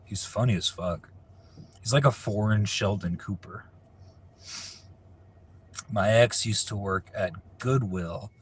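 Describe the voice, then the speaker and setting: A man's voice: lowish voice, slow, pauses often, slight background noise. A man from California chatting casually on a live stream, reading viewer questions aloud and answering in a rambling, profane way. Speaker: livestreamer answering viewer chat.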